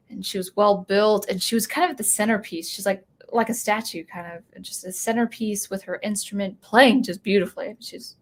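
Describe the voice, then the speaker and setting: A woman hosting a live stream about music, talking casually and rambling with many restarts while reading out viewer comments. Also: medium pitch. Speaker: music channel host.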